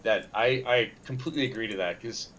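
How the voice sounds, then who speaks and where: A man's voice: lowish voice, a little fast, fairly bright tone. A man co-hosting a live stream, chatting animatedly, laughing a lot and acting out quotes. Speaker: stream co-host. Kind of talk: casual live-stream chat.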